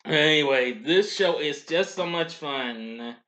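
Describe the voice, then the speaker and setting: Man, slightly high voice, bright and forceful, casual review, rambling asides. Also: expressive, slow. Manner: rambling, heavy on "well" and "anyway" asides. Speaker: cartoon reviewer and host.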